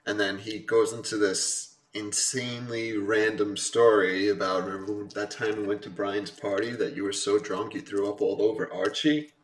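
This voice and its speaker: Low-voiced man breaking down a song. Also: level tone, moderate pace, hardly any pauses, distant mic, low-quality recording. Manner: explains lyrics, reads them out with feeling, swears freely. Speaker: reaction video host.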